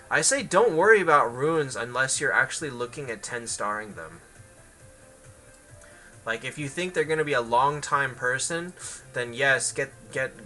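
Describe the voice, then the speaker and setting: A man's voice: mid-range voice, bright, forceful tone. A man streaming a game and answering viewers in casual, hesitant chat full of fillers, with faint music behind.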